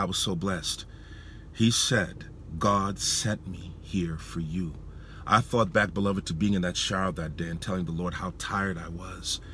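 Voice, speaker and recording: A man preaching, telling a personal story in an emotional, halting way, often repeating his words. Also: on the low side, sharp tone, slight background noise. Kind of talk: sermon storytelling.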